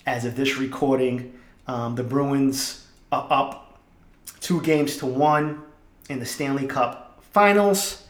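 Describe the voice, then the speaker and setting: A young man, hosting a podcast and telling stories in an animated, profane, jokey way. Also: medium pitch, takes it slowly, roomy sound. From Boston area. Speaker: podcast host. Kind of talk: casual storytelling monologue.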